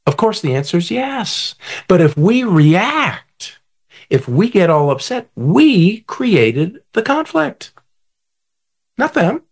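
A male conflict coach talking with a voice that rises and falls widely. He is animated and draws the host in, asking him to finish his sentences. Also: high-pitched, takes it slowly, breathy edge. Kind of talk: guest in an interview, coaching talk.

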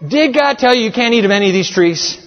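A man's voice: very high voice, expressive, fast talker, pitched above the performer's own voice. A preacher voicing a sly male serpent tempter, coaxing and pushy, drawn out and insistent. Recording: dull sound with long hall reverb.

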